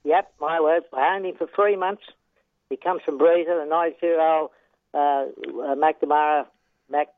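Over a tinny phone line with no room sound, a fairly high, steady-toned voice moves at a moderate pace. It's an older Australian man, a retired horse trainer, rambling through racing stories in a relaxed interview with chuckles and a nonstop "yeah".

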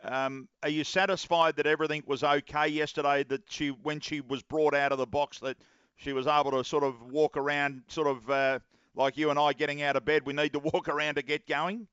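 A man hosting a live radio interview, relaxed and chatty with his guest. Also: a little high, brisk, smooth, dry recording, muffled recording. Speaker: radio racing show host.

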